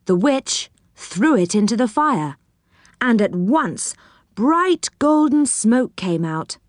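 Gentle lady reading a kids' story, slow and expressive, dry sound. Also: fairly high pitch, no room sound. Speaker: narrator.

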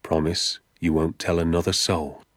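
A man doing a secretive, eager father in an audiobook, his voice deep and husky as he leans in to share a family secret. He speaks in a hushed, confiding way and often sinks into a whisper. The sound is close and dry. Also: level tone, moderate pace, no echo. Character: secretive, enthusiastic middle-aged father. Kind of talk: audiobook character voice.

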